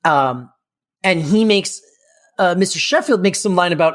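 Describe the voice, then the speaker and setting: A man's voice: high voice, animated, normal speed. A man co-hosting a podcast in a casual chat, explaining at length with many fillers. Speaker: podcast co-host.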